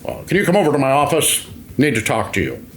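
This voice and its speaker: A man doing an impression of a stern elderly priest who used to be his boss, speaking briskly and in command. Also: mid-range voice, very animated, a little hiss or hum, voice pushed up, lightly acted. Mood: summoning.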